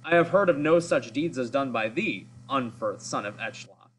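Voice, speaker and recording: A man's voice: medium pitch, lively intonation, normal speed, slight background noise, close to an everyday voice, poor audio. A man reading the lines of a proud, boastful male hero in solemn, old-fashioned speech. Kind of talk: read-aloud of a story.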